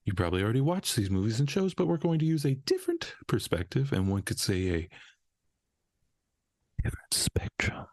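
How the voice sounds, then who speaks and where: A man's voice: medium pitch, wildly swooping pitch, quick pace, hardly any pauses, darkish tone, dry recording. A young man from Minnesota hosting a casual podcast, joking, laughing often and swearing casually. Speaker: podcast host.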